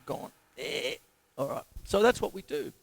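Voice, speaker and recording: Chatty Australian drum teacher, lively voice. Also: male voice, on the high side, a little slow, vocal fry. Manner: chatty, counts rhythms and stickings aloud, jokey asides. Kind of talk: live-streamed drum lesson. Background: drum kit playing.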